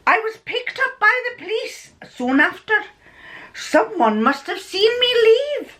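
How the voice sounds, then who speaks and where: A woman's voice: big pitch swings, measured pace, sharp tone, exaggerated voice. A woman voicing a distraught greying Scottish ex-convict with a put-on Scottish accent that slips into Irish, reading a story aloud. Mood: distraught pleading. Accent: put-on Scottish, mixed with a bit of Irish. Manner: high, pleading, near tears.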